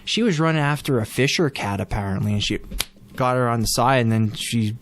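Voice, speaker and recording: A man co-hosting a podcast in casual chat, excitable and profane. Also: mid-range voice, a little fast. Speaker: podcast co-host.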